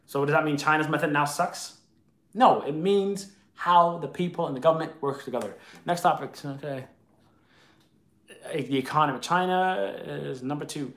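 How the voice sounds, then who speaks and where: A man's voice: a little high, normal speed, a bit bright, roomy sound. A man hosting a live video chat, answering viewer comments in an opinionated, argumentative way.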